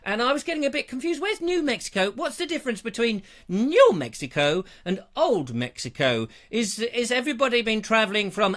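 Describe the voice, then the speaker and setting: Playful high-voiced man hosting. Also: big pitch swings, a little fast, hardly any pauses, fairly bright tone. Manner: playful, jokey, theatrical, self-mocking. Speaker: host of a live online show. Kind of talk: casual live-stream chat.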